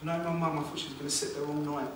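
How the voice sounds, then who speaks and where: A man, a motivational speaker telling an emotional personal story at a seminar, with dramatic pauses and questions to the audience. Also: fairly high pitch, little pitch movement. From England. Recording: echoey room, distant mic, background noise.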